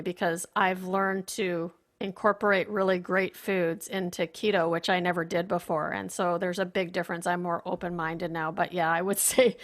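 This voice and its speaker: A woman guest on a podcast, talking candidly and telling her story in an animated, casual way. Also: fairly low pitch. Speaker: podcast guest, performance consultant.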